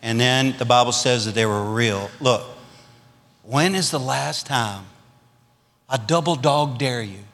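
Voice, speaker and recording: A man with a Southern US accent preaching a storytelling revival sermon, swinging between loud punches and quiet asides. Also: medium pitch, a little slow, pauses often, big-room sound. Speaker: pastor.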